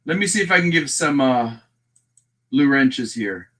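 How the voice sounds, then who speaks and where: Bright-voiced Texan man hosting a livestream. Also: medium pitch, normal speed. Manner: chatty, reads out and greets viewers by name. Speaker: livestream host. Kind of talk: casual livestream chat.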